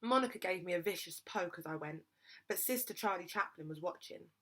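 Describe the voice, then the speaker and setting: Female reader, steady expressive storybook narration. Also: fairly low pitch, a little fast. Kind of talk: reading a children's novel aloud.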